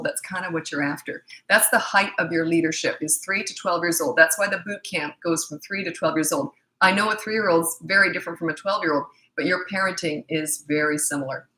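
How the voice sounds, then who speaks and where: A woman's voice: lowish voice, a little fast, bright, forceful tone. A middle-aged woman parenting coach answering viewer questions in a live Q&A, blunt, confident and emphatic. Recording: echoey room.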